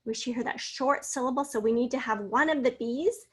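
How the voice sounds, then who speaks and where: A woman's voice: a little high, fairly quick, breathy edge. A woman teacher giving a recorded spelling lesson to fifth graders, patiently sounding out syllables and spelling out letters.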